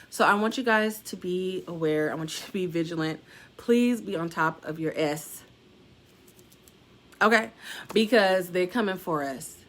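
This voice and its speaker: A middle-aged woman casually telling her followers a personal story, animated and expressive, with big jumps in pitch when she quotes people. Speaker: salon suite owner sharing a warning.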